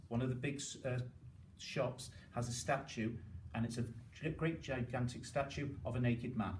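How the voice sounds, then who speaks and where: A man with a Liverpool accent talks to learners in a chatty, explaining way, often pausing to check that he's understood. His voice sits at an ordinary pitch. He sounds set back from the mic in an echoey room with a faint hiss behind him. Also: fairly even intonation, a little mellow, far from the mic. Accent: Liverpool (Scouse). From Liverpool, England. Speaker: speaker giving a talk. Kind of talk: informal talk to learners.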